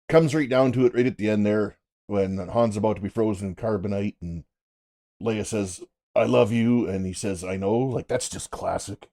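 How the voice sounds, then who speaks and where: A man's voice: fairly low pitch, mellow. A man co-hosting a podcast in loose, easygoing chat. He rambles and hedges, filling his sentences with little fillers as he talks. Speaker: podcast co-host. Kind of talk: casual chat.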